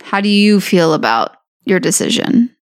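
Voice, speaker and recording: A woman's voice: mid-range voice, lively intonation, normal speed, clean tone, dry recording, studio quality. A woman player roleplaying her character in a tabletop game, hesitant and searching for words.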